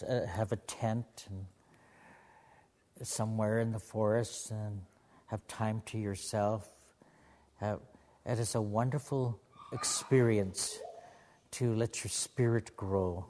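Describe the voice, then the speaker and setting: A man from the Pacific Northwest telling stories and spiritual teachings to a gathering in a gentle, humorous way. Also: on the low side, long reverb tail. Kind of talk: live storytelling to a gathering.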